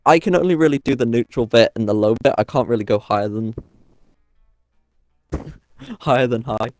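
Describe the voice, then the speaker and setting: A man chatting on a game stream, halting and self-deprecating as he rambles through explanations. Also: medium pitch, darkish tone, dry recording, clean studio sound, faint music behind. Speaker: co-player on stream. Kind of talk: casual gaming chat.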